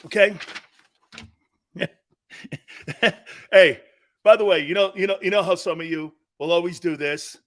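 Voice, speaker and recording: A middle-aged man hosting a sports talk show, telling stories in a loose, animated way and acting out the voices of the people he quotes. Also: high voice, a little slow, long pauses. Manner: animated storyteller, acts out quoted voices, laughs often. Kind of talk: casual storytelling monologue.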